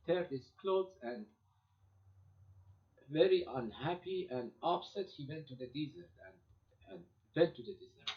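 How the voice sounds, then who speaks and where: A man lecturing on classical poetry, reading lines quickly and then translating them into halting English with many repeated words. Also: mid-range voice. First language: Persian. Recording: dull lo-fi recording.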